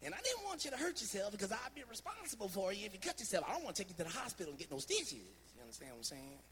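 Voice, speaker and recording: A man playing his older Southern grandfather with a high-pitched twang, giving a folksy warning. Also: rapid-fire, crowd noise. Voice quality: high-pitched, voice rising when excited. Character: older Southern grandfather, fisherman, stern and fond.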